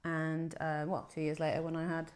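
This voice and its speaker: Playful woman host, lower voice. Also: monotone, normal speed. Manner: teasing, playful, asks leading questions. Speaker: podcast host. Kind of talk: casual interview.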